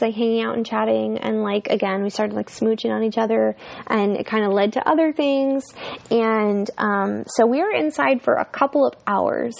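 A young woman with a slightly high voice and a lot of vocal fry tells a personal story on her podcast. She talks in a candid, rambling way, full of fillers and casual swearing. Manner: chatty and candid, many fillers, swears freely. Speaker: podcast host.

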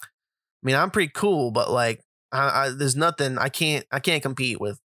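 Forceful, bright-voiced man telling a story. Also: medium pitch, moderate pace, dry recording, studio quality. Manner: chatty, profane, lots of fillers and asides. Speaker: podcast host. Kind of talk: casual storytelling monologue.

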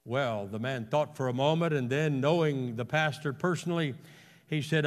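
A man, a pastor, delivering a sermon in a church, moving between hushed storytelling and loud, fervent exclamations. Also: medium pitch, moderate pace. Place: church sanctuary. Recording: long hall reverb in a church.

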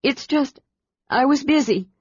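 A woman's voice: sits high, expressive, unhurried, dry recording, voice pushed up. A woman voicing a fierce, defiant warrior woman. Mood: angry. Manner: tense, defiant, through clenched teeth. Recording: dull, dry lo-fi audiobook recording.

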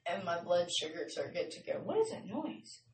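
A woman's voice: fairly low pitch, sing-song, normal speed, distant mic. A woman hosting her show in a casual, rambling, chatty way, often laughing. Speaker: show host. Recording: roomy sound from off-mic with faint noise.

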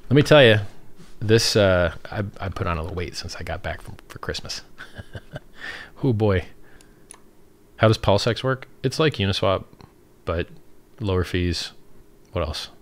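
A man's voice: low-pitched, animated, a little slow, long pauses. A man hosting a livestream, reading chat questions and answering them in a rambling, off-the-cuff way and laughing at his own remarks.

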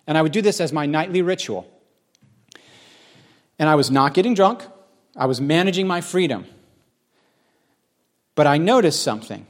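A middle-aged man, a pastor, giving a candid, conversational sermon testimony, often restarting his sentences. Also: a little high. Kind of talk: sermon-style personal testimony.

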